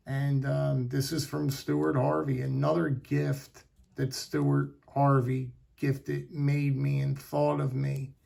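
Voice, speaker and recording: Brief: middle-aged male knife vlogger with a deeply gravelly, fry-heavy voice, sentimental and halting. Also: warm tone. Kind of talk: casual storytelling to camera.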